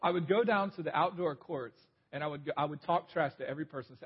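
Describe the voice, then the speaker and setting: A man's voice: on the high side, fast talker, few pauses, husky, lo-fi sound. A pastor preaching a sermon in a conversational, storytelling way, repeating his key points.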